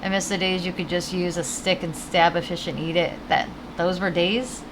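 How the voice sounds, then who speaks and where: A woman's voice: lowish voice, steady tone, normal speed, noisy background. A woman with a Connecticut accent, chatting casually and rambling while she plays a video game and answers her chat. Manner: chatty, rambling, reads chat aloud, swears now and then. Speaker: game streamer.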